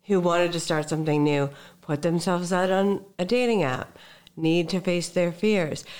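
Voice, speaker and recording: A woman host with a fairly low-pitched voice, leading a relaxed interview. She speaks like a dating coach, encouraging and reassuring, and turns her guest's stories into advice for listeners. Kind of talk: casual interview chat.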